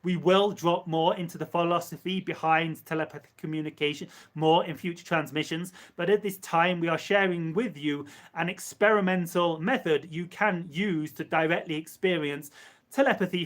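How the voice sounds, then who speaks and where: A man in a live channeling session who speaks as a collective "we", in measured, repetitive phrases. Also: on the high side. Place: live stream.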